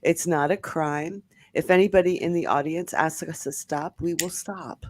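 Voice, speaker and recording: A woman's voice: low-pitched, normal speed, slight background noise. A woman guest in a casual online chat, talking emphatically. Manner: emphatic, animated.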